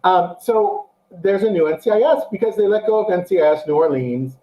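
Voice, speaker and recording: A man co-hosting a casual show, chatting animatedly about a TV series and acting out quotes in a high, excited voice. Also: fairly quick, echoey room, lo-fi sound. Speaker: podcast co-host. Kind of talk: casual chat, show review.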